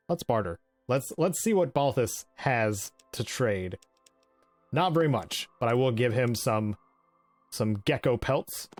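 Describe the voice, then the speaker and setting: A man's voice: medium pitch, no room sound. A man narrating his game playthrough in a chatty, giggly way, restarting phrases as he goes. His voice sits mid-range and the sound is dry and close. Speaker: let's play host. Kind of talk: casual game commentary.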